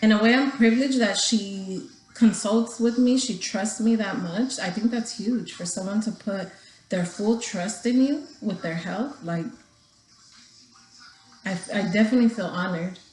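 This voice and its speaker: A woman's voice: medium pitch, measured pace, a little mellow, reverberant, soft background music, poor audio. A young woman talking casually to her viewers in a personal vlog, holding back tears as she rambles. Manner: emotional, talking through tears held back. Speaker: vlogger.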